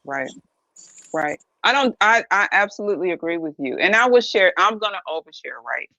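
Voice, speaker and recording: A woman's voice: on the low side, expressive, normal speed, vocal fry, pushed and bright, no echo, low-quality recording. A woman on a live reaction panel, speaking emphatically and posing rhetorical questions in casual discussion.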